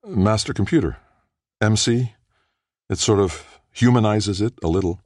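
A man's voice: on the low side, unhurried, darkish tone, no room sound, studio quality, voice pushed up. A man voicing an eager, slightly embarrassed young male scientist in an audiobook.

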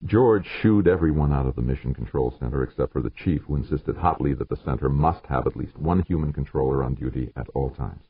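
A man reading an audiobook as narrator, measured and gravelly. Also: extremely low pitch, dry recording. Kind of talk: scripted narration. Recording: narrow phone-like sound, dry.

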